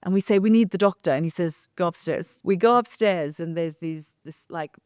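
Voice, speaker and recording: A woman's voice: lowish voice, normal speed, darkish tone, smooth, no echo, clean studio sound. A woman co-hosting a conversation show, recounting a reporting trip and acting out the lines of the people she met. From came from London. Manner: vivid storytelling, quoting others in dialogue. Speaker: journalist and co-host. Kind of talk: casual storytelling conversation.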